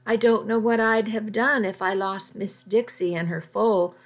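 A woman voicing a gentle, soft-spoken male rancher with a Texan drawl, in a read-aloud story. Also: medium pitch, steady tone, a little slow. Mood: soft courteous.

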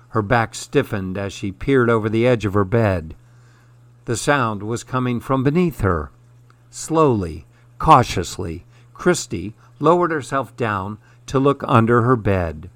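Male narrator, slow and measured, dry close sound, for spooky short stories. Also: medium pitch, dry recording. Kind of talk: scripted horror story narration.

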